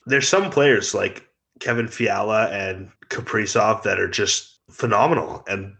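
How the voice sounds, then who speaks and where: A man with a fairly low voice hosts a casual sports podcast. He talks bluntly and gives strong opinions in an easygoing, conversational way. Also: a little slow, vocal fry, fairly bright tone. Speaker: podcast host. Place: remote, out of town.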